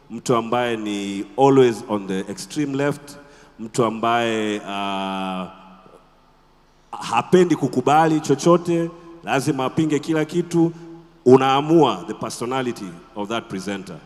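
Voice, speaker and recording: In a conference hall, a radio presenter with a Tanzanian accent gives an animated talk, peppering the audience with rhetorical questions. His voice is medium in pitch, and the sound carries the echo of a big room.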